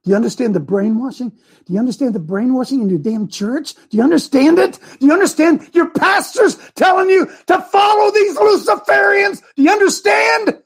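A man giving a fiery political speech to a crowd, shouting rhetorical questions. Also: very high voice, a little fast. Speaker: speaker addressing a crowd.

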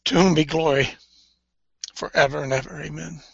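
Gravelly, fervent male preacher. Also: a little high, steady tone, moderate pace, dry recording. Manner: fervent, swings between hushed and loud. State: tearful. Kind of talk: impassioned preaching. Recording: dull lo-fi recording.

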